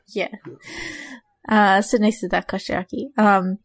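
A woman's voice: mid-range voice, little pitch movement, slow pace, dry recording. A woman taking her turn in a tabletop game, laughing often and searching for words. She sounds close and dry, with no room around her. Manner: giggly, hesitant, lots of fillers. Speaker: player. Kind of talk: casual tabletop role-play.

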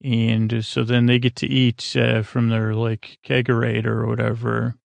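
A man hosting a podcast, casually recapping an episode in a low-key, meandering way, full of fillers and restarts. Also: completely flat delivery, a little slow, creaky, no echo. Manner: low-key, sleepy delivery.

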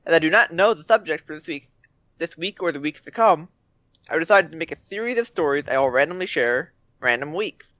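A man's voice: fairly high pitch, expressive, fairly quick, fairly bright tone, dry recording. A tired man co-hosting a podcast late at night, reading a listener's story in a playful way. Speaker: podcast co-host. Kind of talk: casual podcast chat, reading listener mail. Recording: dull, dry home mic.

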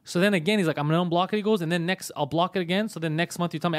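Fast-talking, swearing comedian man. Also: fairly high pitch. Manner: animated, profane, acts out both sides of phone calls. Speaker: comedian podcast host. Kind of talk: casual storytelling chat.

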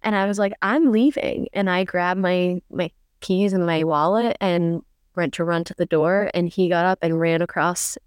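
Low, smooth-voiced woman telling her story. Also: steady tone, dry recording, clean studio sound. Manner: fast, urgent retelling, quoting herself and others vividly. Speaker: podcast guest. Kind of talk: emotional personal story in conversation.

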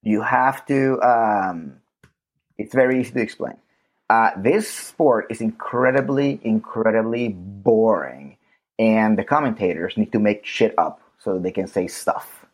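A man hosting a casual podcast, joking and animated and swearing casually. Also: fairly low pitch, unhurried. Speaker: podcast host. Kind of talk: casual chat.

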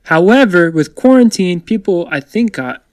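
A young man co-hosting a relaxed talk show, his voice sitting a little high. He jokes freely and leans theatrical. The sound is close and dry, with no room in it. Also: moderate pace, dry recording. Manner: upbeat, joking, self-described theatrical. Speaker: co-host. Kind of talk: casual chat.

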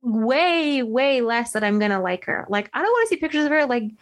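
A young woman co-hosting a podcast, telling a story in an animated, slangy way with lots of "like" into a desk microphone. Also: a little high, a little fast. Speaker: podcast co-host. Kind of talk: casual chat.

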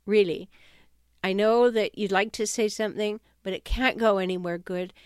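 Smooth-voiced wry woman author. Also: medium pitch, no echo, studio quality. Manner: wry, direct, with uneasy laughs. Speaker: self-help author and speaker. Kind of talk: conversational talk to camera or listeners.

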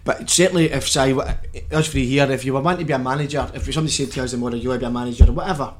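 A man, a former footballer, telling stories in casual football chat, excitable, swearing and repeating himself. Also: medium pitch, racing. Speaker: podcast co-host, former footballer.

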